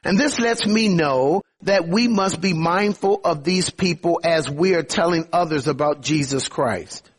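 A man preaching a sermon, his voice sitting somewhat high for a man and carrying a husky grain. He is earnest, slowing down on key phrases and building in fervor as he presses his point. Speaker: pastor.

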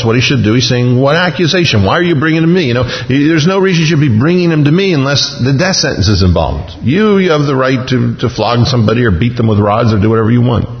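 A man preaching an expository sermon, acting out the voices of the people in the text with sudden jumps in pitch. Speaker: pastor. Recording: muffled sound in a reverberant hall.

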